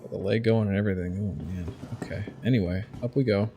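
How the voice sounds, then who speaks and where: A gaming streamer jokes, swears and talks to his chat while casually commenting on his game. He has a lowish voice and talks fast over a noisy background.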